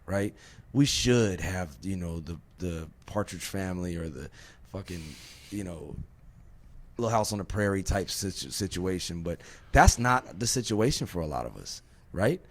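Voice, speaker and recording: A man's voice: deep voice, animated, moderate pace. A man from Virginia hosting a podcast, talking emphatically in a rambling way, swearing and asking rhetorical questions. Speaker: podcast host. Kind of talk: casual podcast conversation.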